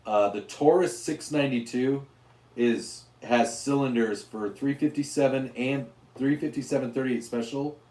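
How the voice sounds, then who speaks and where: A man hosts a casual gun livestream, answering viewers while his voice wears hoarse. He rambles and restarts often, at a middling pitch. The room around him rings with echo. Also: a little mellow. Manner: rambling, with frequent restarts and fillers. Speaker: gun channel host reading live chat.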